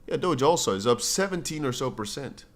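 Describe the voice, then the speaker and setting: A man's voice: medium pitch, lively intonation, brisk. A man hosting a casual crypto livestream who reads out viewer comments and rambles freely. His voice sits in an ordinary middle range, and he often restarts his sentences and drifts into playful asides.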